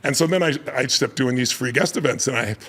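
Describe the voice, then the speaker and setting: A man's voice: mid-range voice, fairly quick, fairly bright tone, husky. A man telling a story emphatically as a guest in a casual conversation, laughing often as he talks.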